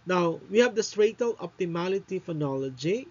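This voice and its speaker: A man teaching a recorded lecture, explaining step by step with fillers and pauses and often tagging points with a questioning "no?". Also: high voice, expressive. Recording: dull lo-fi recording.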